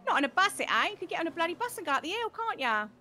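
A woman's voice: extremely high pitch, very animated, racing, a little hiss or hum, exaggerated voice. Woman playing Emily Jones, a chirpy old South London shopkeeper. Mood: defensive. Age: older. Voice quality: lilting, bright, chatty with slang. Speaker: streamer role-playing a shopkeeper. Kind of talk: online role-play in a game.

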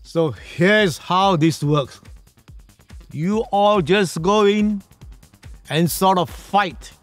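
A man's voice: sits high, dry recording, faint music behind. An actor playing a pompous male sorcerer narrating in a mock-grand style in a comedic fan film. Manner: slow, mock-grand announcing.

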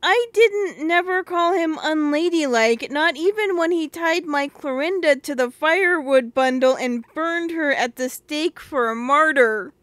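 A woman's voice: unhurried, hardly any pauses, fairly bright tone, dry recording. A woman voicing a small girl who sobs and protests indignantly in a storybook reading. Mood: sobbing. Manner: high, tearful and indignant. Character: weepy indignant little girl.

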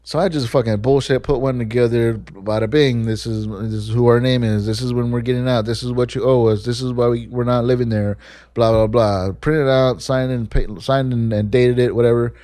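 A young man hosting a podcast, telling a story in a casual, profane, animated way and acting out the people he quotes. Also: medium pitch, moderate pace, no echo. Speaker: podcast host.

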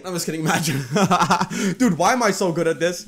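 A man's voice: high-pitched, lively intonation, normal speed, fairly bright tone, slightly rough, faint music behind. A young man streaming casino games, commentating casually as he rambles, jokes and swears freely. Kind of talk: casual live gambling commentary.

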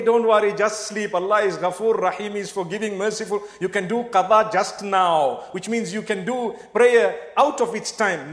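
A man's voice: high voice, echoey room, long reverb tail. A man preaching a sermon in a mosque, earnest and speaking straight to his listeners with questions. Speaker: Islamic preacher.

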